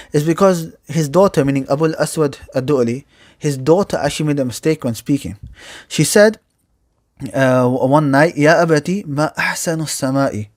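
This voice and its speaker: Man teaching Arabic grammar, fairly high voice. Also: darkish tone. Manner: explains step by step, reciting Arabic verse quickly between English explanations. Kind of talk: classroom lecture.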